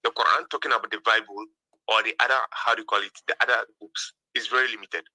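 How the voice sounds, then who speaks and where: A man's voice: fairly low pitch, steady tone, quick pace, pushed and bright, no room sound, low-quality recording. A man in a heated religious debate who defends himself and answers questions with counter-questions.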